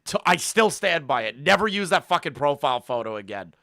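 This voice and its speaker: A man's voice: fairly high pitch, sing-song, a little fast, pushed and bright, no room sound, soft background music. A man streaming live, reacting to a call with crude, mocking commentary and frequent laughter. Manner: profane, mocking, laughs often.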